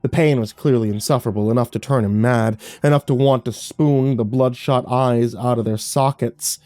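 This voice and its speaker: Dark-voiced man narrating horror. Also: medium pitch, fairly even intonation, moderate pace, no echo.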